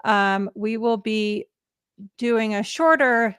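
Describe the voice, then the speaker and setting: Bubbly woman with a clear, dry voice. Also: a little high, fairly bright tone, dry recording. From England. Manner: bubbly, laughs often, quick affirmations. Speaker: foundation board president, co-host. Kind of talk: casual livestream chat.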